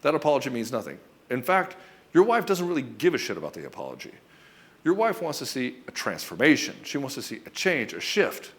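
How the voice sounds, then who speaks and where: A man coaching husbands in a blunt, profane way, often acting out quick back-and-forth exchanges between a husband and his wife. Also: medium pitch, huge pitch swings. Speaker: relationship coach. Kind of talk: direct-to-camera coaching talk.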